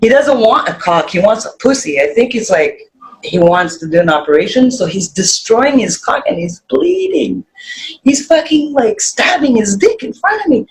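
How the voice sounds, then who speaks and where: A woman guest on a casual podcast tells an animated story, swearing freely, and her voice jumps high whenever she quotes people. She talks at a normal speed, and the recording is rough.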